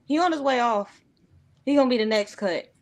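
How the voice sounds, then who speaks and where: A woman's voice: fairly high pitch, expressive, a little fast. A woman on a sports podcast, talking in a sassy, dismissive way. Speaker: podcast co-host. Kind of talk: casual sports chat.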